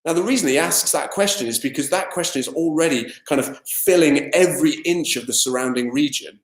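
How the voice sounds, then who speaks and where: A man preaching a sermon as assistant minister, in a conversational style full of fillers and lively asides. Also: a little high, brisk. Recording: echoey room.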